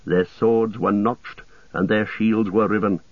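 A man narrating an audiobook in a steady, measured way, over a tinny radio-like sound. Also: on the low side, no echo.

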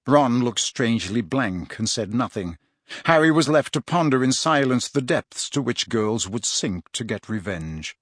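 A man reading a novel aloud as narrator, in measured, expressive storytelling. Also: medium pitch, no room sound, clean studio sound. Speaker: audiobook narrator. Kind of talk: scripted narration.

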